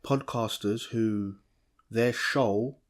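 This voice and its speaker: Chatty young man, animated. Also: lowish voice, extremely slow. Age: young adult. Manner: animated, chatty, self-interrupting. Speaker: podcast co-host. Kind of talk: casual chat.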